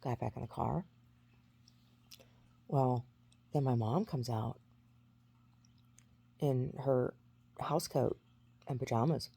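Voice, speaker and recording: A woman's voice: rumbling low, slow pace, creaky, long pauses, warm tone, husky, dry recording. A woman in her forties talking through a rambling personal story, full of restarts and fillers. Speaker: vlogger. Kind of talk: casual storytelling monologue.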